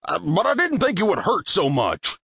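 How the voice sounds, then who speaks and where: A man's voice: high voice, wildly swooping pitch, normal speed, gravelly, fairly bright tone, slightly rough, no echo, studio quality, voice pushed up, heavily acted. A man voicing a big, proud male fir tree who talks in a haughty, dismissive way. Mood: cheerful.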